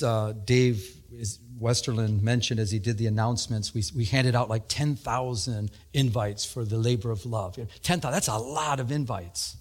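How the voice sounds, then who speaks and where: A middle-aged man preaching a sermon, telling stories with animated energy and laughter. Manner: animated storytelling, laughing, rising to high emphatic peaks. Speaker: pastor.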